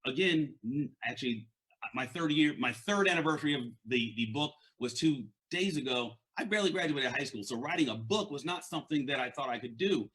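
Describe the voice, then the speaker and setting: A man's voice: medium pitch, expressive, brisk, a bit bright. A man with a stutter giving an earnest, conversational motivational talk as a leadership and mindset coach, often repeating words.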